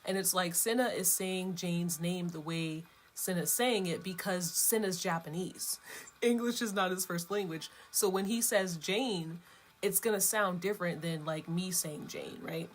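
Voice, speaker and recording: A vlogger host with a somewhat low voice chats casually with her viewers, rambling loosely from one point to the next at a measured pace. She laughs easily between thoughts, and a faint hum of room noise sits beneath her voice.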